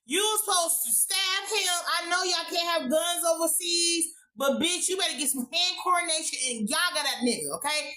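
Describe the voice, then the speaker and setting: Animated, profane woman reviewer. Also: very high-pitched, moderate pace, few pauses. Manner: animated, profane, slangy storytelling. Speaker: TV show reviewer. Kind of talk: casual show recap vlog.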